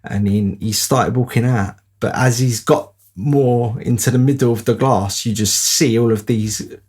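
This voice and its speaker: A man's voice: medium pitch, unhurried, darkish tone, slightly rough. A man telling a rambling personal anecdote in a casual way. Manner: rambling, with fillers and laughs. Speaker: storyteller.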